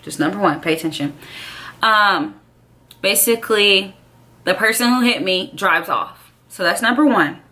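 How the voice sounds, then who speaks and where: Bright-voiced young woman telling a story. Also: mid-range voice, unhurried, pauses often. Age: young adult. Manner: animated, chatty, keeps checking in with the viewer. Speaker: vlogger. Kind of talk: personal storytelling to camera.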